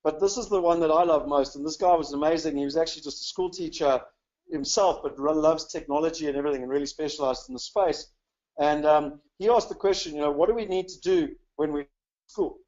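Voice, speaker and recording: A man's voice: on the high side, a little fast, a little mellow, lo-fi sound. A South African man from South Africa giving a casual, chatty webinar talk, upbeat and full of "you know" fillers. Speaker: webinar presenter.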